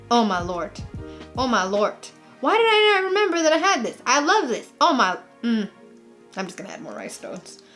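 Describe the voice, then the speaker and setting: A young woman with a slightly high voice talks through a makeup tutorial in a loose, casual way. She is bubbly and jokey and gasps with delight at her products. Soft music runs underneath. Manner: bubbly, gasping, jokey and excitable. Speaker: makeup vlogger.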